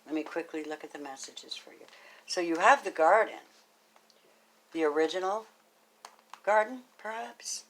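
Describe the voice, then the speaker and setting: Low-voiced woman giving a casual tarot reading. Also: moderate pace, long pauses, rough recording. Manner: chatty and affectionate, thinks aloud, drops into soft half-whispered asides. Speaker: tarot card reader.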